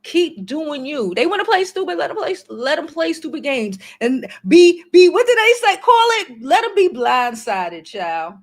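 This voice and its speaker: A woman in her forties hosts a casual livestream chat, talking straight to her viewers with blunt, slang-heavy advice and the odd curse. Her voice sits a little higher than most women's. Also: big pitch swings, moderate pace, hardly any pauses. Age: 40s. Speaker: livestream host.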